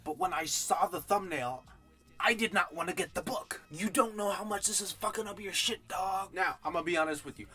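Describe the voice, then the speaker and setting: A man's voice: on the high side, animated, normal speed, fairly bright tone, faint music behind. A man giving a casual, rambling audiobook review, full of swearing and slang. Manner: profane, slangy, rambling tangents. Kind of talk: casual spoken book review.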